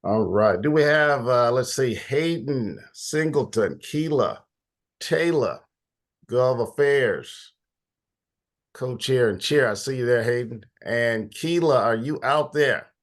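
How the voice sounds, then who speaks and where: A man's voice: medium pitch, lively intonation, takes it slowly. A man hosting an online policy meeting in a casual, informal way, a little stuffy and congested. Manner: informal, greets attendees by name. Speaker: host of policy talk.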